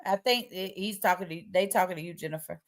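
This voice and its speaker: A woman hosting a casual livestream chat. She reads viewer comments aloud and answers them in relaxed, colloquial slang. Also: fairly low pitch, fast. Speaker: livestream host.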